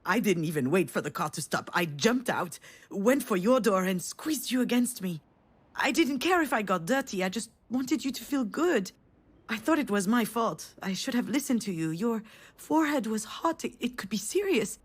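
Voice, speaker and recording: A woman's voice: medium pitch, moderate pace, husky. A tender storytelling mother. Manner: warm storytelling, rising to excited cries. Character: tender mother remembering a family trip. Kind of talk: video game voice acting.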